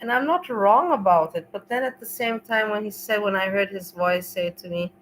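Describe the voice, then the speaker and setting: A woman's voice: mid-range voice, moderate pace, a bit bright, slight background noise, poor audio. A woman hosting a livestream, chatting casually in a rambling, emotional way and swearing freely. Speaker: livestream host.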